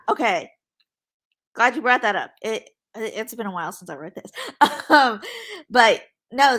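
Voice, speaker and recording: Slow-talking woman reporter, halting speech. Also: mid-range voice, sharp tone. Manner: hesitant, many fillers and restarts. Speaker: newspaper reporter guest. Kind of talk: podcast interview.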